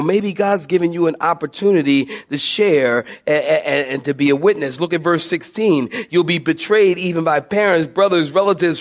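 A man with a high, bright voice preaches in a drawl. He tells his story with plenty of energy, laughing as he goes and now and then bellowing out an impression of a drill sergeant. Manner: animated, acts out shouting and laughs mid-story. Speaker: pastor. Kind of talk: storytelling sermon.

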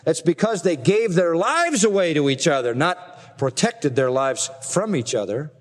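A man's voice: fairly high pitch, sing-song, unhurried, in a large hall. A man preaching an expository sermon in an earnest, emphatic way, with rhetorical questions. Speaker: pastor.

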